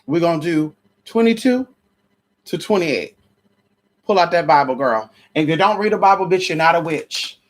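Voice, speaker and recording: Animated and medium-pitched, this tired, perspiring vlogger rants to viewers like a profane preacher, sassily dubbing them honey and girl. Stammers force restarts, ow gets shouted, and scripture is read slowly for dramatic effect.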